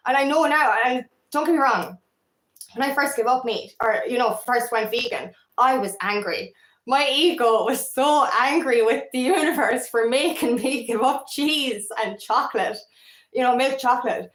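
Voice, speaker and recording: A woman's voice: high-pitched, normal speed, a bit bright, echoey room, rough recording. A woman with an Irish accent, a feminine empowerment coach talking candidly in a casual vlog, rambling and swearing freely.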